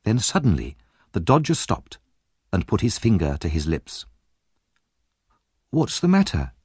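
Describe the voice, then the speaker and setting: A male audiobook narrator with a lower voice that rises and falls widely as he tells the story. The reading is expressive and dramatic, recorded close and dry with no room sound. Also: normal speed, husky, no echo. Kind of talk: scripted narration.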